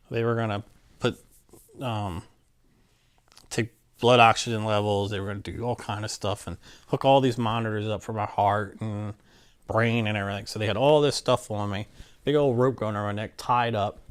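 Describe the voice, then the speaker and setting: A man's voice: fairly low pitch, clean tone. A man from Maryland being interviewed, telling a personal story in a plainspoken, rambling way and acting out the back-and-forth of old conversations. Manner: plainspoken, rambling, acts out quoted exchanges.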